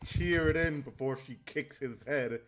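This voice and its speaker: A man playing a tabletop game who narrates his character's actions in an unhurried way. His pitch is middling and his pace is slow. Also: noisy background. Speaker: player.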